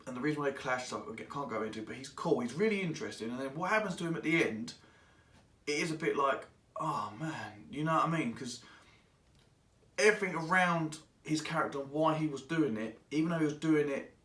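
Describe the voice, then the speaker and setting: A man reviewing a book in casual, rambling speech, excitable and quick to act out the characters. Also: on the high side, recorded from a distance. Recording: echoey room, voice away from mic.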